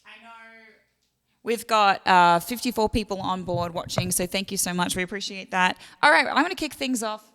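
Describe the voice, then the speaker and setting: A woman's voice: medium pitch, moderate pace, fairly bright tone, clear, resonant tone, big-room sound. A young Australian woman hosting a livestream concert from home, chatting casually with viewers, greeting them by name and thanking them for tips, with plenty of fillers. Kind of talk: casual livestream chat between songs. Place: at home during lockdown.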